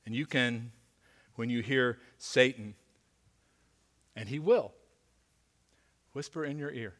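A man preaching a sermon as pastor, earnest and pleading, dropping to a hushed voice for emphasis. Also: medium pitch, slow pace.

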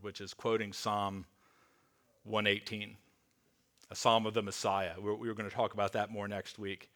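Bright-voiced man preaching earnestly. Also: fairly low pitch, level tone. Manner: earnest, slows and drops softly on key words; repeats words while restarting. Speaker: pastor. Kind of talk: sermon.

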